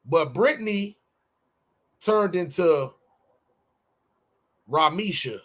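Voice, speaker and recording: A man's voice: fairly high pitch, animated, fairly bright tone. A man hosting a podcast in casual chat, joking and stretching words out for emphasis. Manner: loose, joking, drawn-out emphatic delivery. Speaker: podcast host.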